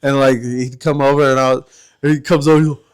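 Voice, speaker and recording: A man's voice: mid-range voice, flat delivery, fast, clean tone. A middle-aged man, a former Marine guest on a podcast, telling a war story in casual, profane chat and acting out what people said. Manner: profane, laughing storyteller who acts out quotes.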